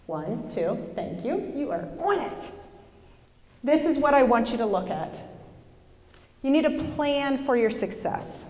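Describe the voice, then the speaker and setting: A woman leading a motivational seminar, talking in a lively, chatty way and putting questions to her audience. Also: high-pitched, long reverb tail. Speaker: workshop presenter. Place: lecture hall with an audience.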